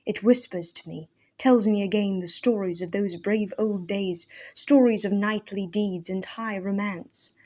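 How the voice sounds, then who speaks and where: A woman's voice: mid-range voice, a little slow, few pauses, natural voice. A woman doing a wild mad old hermit. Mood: fervent. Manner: intense, archaic speech, shouting then hushed.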